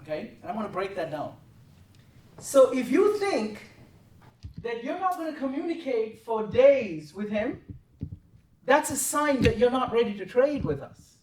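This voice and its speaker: A woman's voice: a little high, big pitch swings, unhurried, pauses often, darkish tone. A woman heading a trading desk, giving a blunt, profane, intense lecture that keeps pressing her listeners for answers. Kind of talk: confrontational mentoring talk. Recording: roomy, from a distance.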